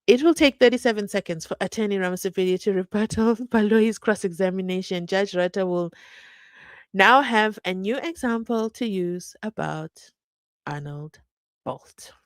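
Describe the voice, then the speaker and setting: A woman hosting a true crime channel, chatting casually and reading out viewer comments, animated and teasing, laughing often. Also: medium pitch, normal speed, smooth, no echo. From South Africa.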